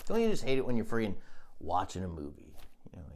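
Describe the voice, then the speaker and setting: A man hosting a comedy podcast, telling a rambling deadpan monologue in a halting, stammering way, full of restarts and "you know.". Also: fairly low pitch. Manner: deadpan absurd storytelling.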